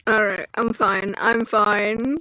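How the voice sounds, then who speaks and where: A young woman live streaming and chatting casually with her viewers, congested from allergies and prone to emotional high squeals and laughter. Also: little pitch movement, slow pace, sharp tone, no echo, dull audio. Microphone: phone or computer mic.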